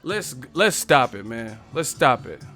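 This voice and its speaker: A man's voice: medium pitch, sing-song, unhurried, sharp tone, faint music behind. A man hosting a casual live stream, playfully rapping his own bars and laughing at them.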